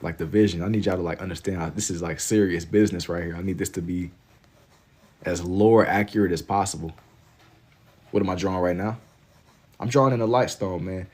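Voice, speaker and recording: A man's voice: deep voice, steady tone, a little fast, long pauses, a little mellow. A young man from Kentucky chatting casually on a livestream while he draws, laid-back and slangy as he reads chat aloud. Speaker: livestreaming artist.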